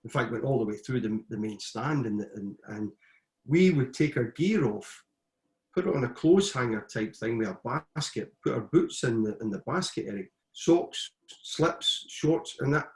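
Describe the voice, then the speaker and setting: Man, middle-aged, casual animated storytelling, interview guest, roomy echoey sound. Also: medium pitch, normal speed. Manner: anecdotal, animated retelling with frequent restarts. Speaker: guest, former footballer and coach.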